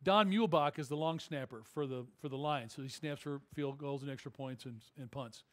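A male pastor preaching a sermon in a church, telling a story in an animated, conversational way with jokes. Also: mid-range voice, moderate pace. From Detroit area. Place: church auditorium.

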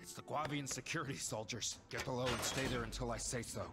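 A man's voice: steady tone, fast talker, close to an everyday voice. Han Solo, as a man voices a weary smuggler. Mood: wary. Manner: dry, low-key warnings. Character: weary roguish male smuggler captain. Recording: game audio under loud music.

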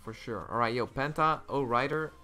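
A young man with a bright, forceful voice talks casually on a live game stream into a close mic. He greets viewers one moment and rants with heavy swearing the next. Soft music plays faintly in the background. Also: medium pitch, normal speed. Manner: frustrated, swearing, ranting.

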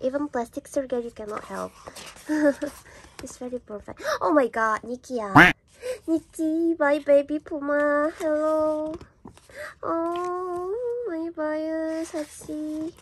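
A young woman talks in a high, unhurried voice, gasping and gushing with delight. She chats casually to her viewers as a vlogger. A faint hiss of noise sits behind her. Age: young adult. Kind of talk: casual fan unboxing vlog.

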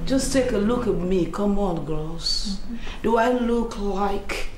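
A woman's voice: medium pitch, slow, darkish tone, natural voice. A woman with a Nigerian accent playing a defiant club lady who stands her ground with firm, emphatic protests in a film drama. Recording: echoey room with music underneath.

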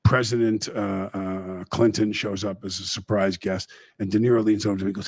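A man's voice: lowish voice, little pitch movement, a little fast, vocal fry, hardly any pauses, a little mellow, slightly rough, no room sound. A middle-aged man hosting a talk show, telling rambling anecdotes in casual chat.

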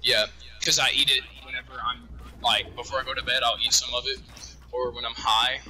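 A man's voice: mid-range voice, little pitch movement, a little fast, pushed and bright, a little hiss or hum, poor audio. A teenage boy chatting crudely and rambling through laughing stories while gaming with friends over voice chat. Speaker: gamer.

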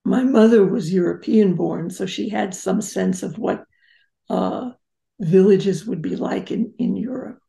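A woman's voice: mid-range voice, measured pace, gravelly, mellow. An older woman, a psychotherapist guest in an interview, telling personal stories in a reflective and emphatic way. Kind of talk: interview storytelling.

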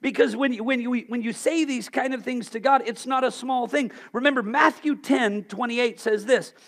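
A male pastor preaching a sermon, asking rhetorical questions and swinging from loud emphasis to hushed tones. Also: extremely high pitch, moderate pace.

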